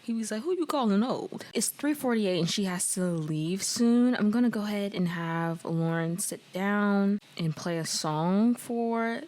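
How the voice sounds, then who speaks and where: A woman's voice: mid-range voice, unhurried, few pauses, darkish tone. A young woman giving casual, chatty commentary over a life-sim game, often laughing and apologizing, sometimes slipping into voices for her characters. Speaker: let's play host.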